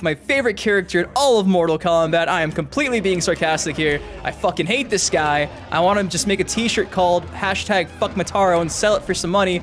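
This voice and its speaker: A man giving let's-play commentary on a fighting game, excitable, swearing, shouting and laughing at the action. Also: high voice. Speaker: gamer.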